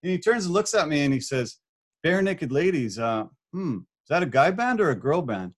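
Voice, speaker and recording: A man, a podcast guest, telling a story in a casual, animated way, laughing often and acting out what people said. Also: a little high, moderate pace. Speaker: podcast guest, corporate speaker.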